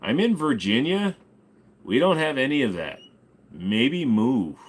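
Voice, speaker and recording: A man's voice: mid-range voice, big pitch swings, measured pace. Profane joking male streamer. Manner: profane, joking, reads chat while bidding. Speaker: streamer host. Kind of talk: casual livestream ask me anything chat.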